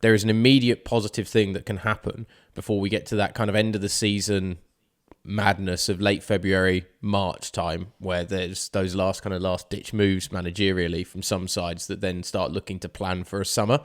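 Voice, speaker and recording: A man's voice: deep voice, flat delivery, moderate pace. A man co-hosting a casual sports podcast, arguing his points heatedly. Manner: heated, argumentative. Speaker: podcast co-host.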